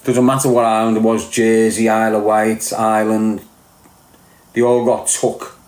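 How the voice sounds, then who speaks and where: A man's voice: lowish voice, little pitch movement, moderate pace, darkish tone, echoey room, poor audio. A man with a Liverpool Scouse accent talking bluntly and emphatically in a casual podcast chat, swearing often. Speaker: podcast guest.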